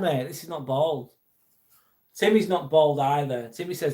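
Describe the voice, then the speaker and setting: A man hosting a casual live stream, reading viewer comments aloud and replying to them in an easygoing way. His voice sits a little high for a man. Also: normal speed, warm tone. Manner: chatty, reads comments aloud and answers viewers. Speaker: vlog host reading live chat.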